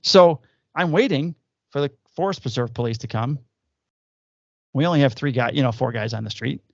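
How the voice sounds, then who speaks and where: A man's voice: mid-range voice, normal speed, creaky, no room sound, dull audio. A man, a police officer co-hosting a podcast, telling profane stories in casual chat. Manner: profane, animated anecdote telling with acted quotes.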